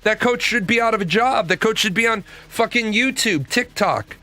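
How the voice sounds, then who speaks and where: A man in his forties, a streamer, telling stories in a profane, animated rant. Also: sits high, moderate pace. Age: 40s. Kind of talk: ranting casual talk.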